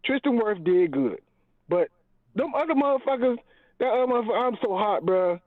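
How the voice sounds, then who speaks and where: A man calling in to a podcast, loud and profane, ranting and shouting about a lost game. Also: sits high, expressive, brisk, dry recording. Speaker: regular podcast member calling in. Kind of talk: angry fan rant. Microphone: phone call-in. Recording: muffled call-in line.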